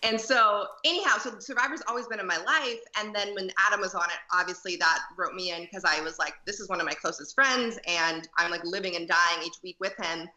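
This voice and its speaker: A woman's voice: on the low side, fairly quick, hardly any pauses, bright, forceful tone, reverberant, dull audio. A woman in her twenties, a podcast guest, chatting casually and saying "like" a lot. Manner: chatty, peppered with "like". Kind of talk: casual interview chat.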